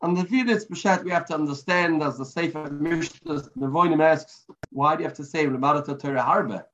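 A man's voice: fairly high pitch, a little fast, a bit bright, slight background noise. A man giving a weekly religious lesson, telling a parable and mixing in Hebrew terms. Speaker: Torah teacher. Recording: dull lo-fi recording.

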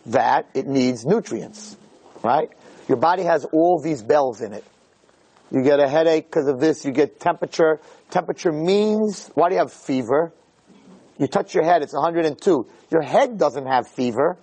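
A high, husky male voice that leaps all over its range. A rabbi gives an emphatic Torah lecture, drilling his points through repetition and rhetorical questions, dropping low and then climbing to near shouts. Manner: emphatic, repeats key phrases, rhetorical questions. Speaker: rabbi teaching a Torah class.

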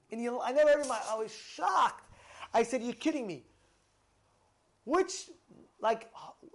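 A young man preaching with lots of energy, his fairly high voice jumping from hushed asides to near-shouts. He tells stories, acts out both sides of conversations, and keeps putting questions to the crowd. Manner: excitable, storytelling, asks the audience questions, swings from loud to hushed. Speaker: rabbi giving a Torah class. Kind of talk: animated sermon with acted-out dialogue.

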